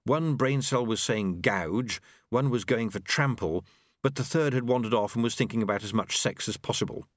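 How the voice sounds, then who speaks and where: A man reading a novel aloud, voicing the characters' lines by shifting his pitch. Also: normal speed, no room sound, clean studio sound. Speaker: audiobook narrator. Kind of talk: novel narration with character voices.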